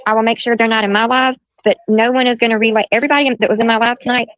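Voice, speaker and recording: On a dull, lo-fi livestream with a dry recording, a middle-aged woman hosts and retells a quarrel in quoted speech, repeating herself in heated, casual storytelling. Her voice sits on the high side with a steady tone, and she talks very fast.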